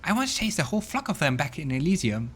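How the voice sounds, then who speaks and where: A man's voice: fairly high pitch, sing-song, fast talker, a bit bright, husky, pitched above the performer's own voice, exaggerated voice. A man voicing a bubbly, childlike female azata spirit with an eager, sing-song way of talking in a game. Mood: chatty.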